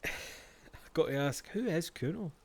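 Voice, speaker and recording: A man's voice: fairly high pitch, animated, normal speed, gravelly. Male streamer, casual, reads game text aloud, salty asides. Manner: profane, laughing asides between read-outs.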